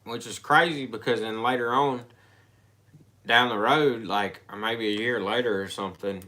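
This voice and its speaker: A man telling a personal story in casual chat, rambling and halting with frequent restarts. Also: medium pitch, steady tone, bright, forceful tone.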